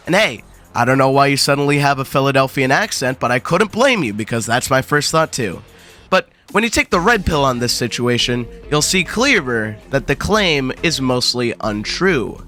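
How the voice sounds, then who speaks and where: A man's voice: medium pitch, animated, moderate pace, bright, forceful tone, soft background music. A young man hosting a gaming video, delivering sarcastic, crude commentary full of profanity and mock drama.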